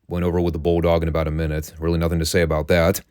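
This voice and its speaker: A deep, low-voiced man hosts a casual podcast, recounting old events with sardonic, profane amusement. His voice sits close to the mic in a dry, dead room with no echo. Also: monotone, very fast, darkish tone, clean tone. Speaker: podcast host.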